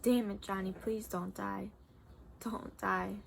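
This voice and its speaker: A woman reading as a hot-headed young gang tough, gravelly. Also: on the low side, little pitch movement, brisk, slight background noise. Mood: tense.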